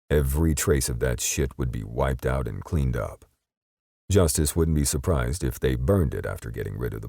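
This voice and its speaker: A man's voice: a bass voice, vocal fry, warm tone, no echo, studio quality. A man narrating an audiobook in a dramatic, scripted way.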